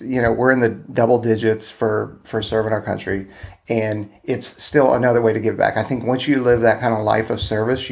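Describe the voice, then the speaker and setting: Gravelly low-voiced middle-aged guy, sincere, hesitant, kinda self-deprecating on a podcast. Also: a little mellow. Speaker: podcast co-host. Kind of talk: casual chat.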